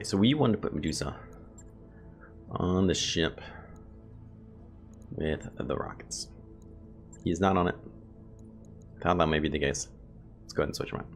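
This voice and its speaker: A man casually commentating a game he plays, chatty and thinking aloud to his viewers. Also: deep voice. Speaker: gameplay video host. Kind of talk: casual let's play commentary. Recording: game music playing behind.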